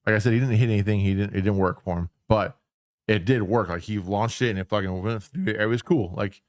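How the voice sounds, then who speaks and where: A man's voice: fairly low pitch, quick pace, no room sound, studio quality. A man co-hosting a podcast in casual chat, rambling, swearing freely and trailing off mid-thought. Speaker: podcast co-host.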